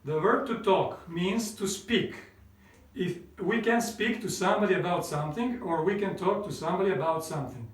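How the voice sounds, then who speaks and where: A man teaching English, repeating each question twice in a slow, clear drill. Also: sits high, distant mic. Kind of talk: drilled question-and-answer language lesson. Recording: roomy classroom sound from away from the mic.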